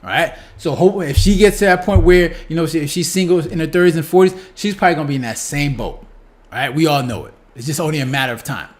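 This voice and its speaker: A man's voice: a little high, quick pace. A man giving casual reaction commentary on a clip, stumbling over repeated words and tagging "right?" onto his points. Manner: repeats words, restarts, keeps asking "right?".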